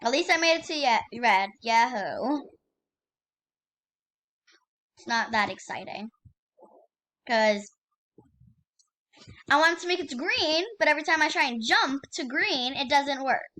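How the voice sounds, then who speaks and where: A young woman with a high, bright voice chats through her gameplay on her channel. She talks casually and excitably, piles on fillers and repeats the same exclamations again and again. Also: unhurried, long pauses. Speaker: gaming YouTuber.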